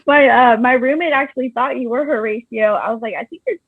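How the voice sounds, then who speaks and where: A woman in her thirties hosts the interview, her voice raspy with a gravelly fry. She comes through a thin, phone-like line with a dry, close sound. She chats loosely and laughs often. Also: on the high side, fairly quick, no room sound. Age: 30s. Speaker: podcast host. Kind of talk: casual chat interview.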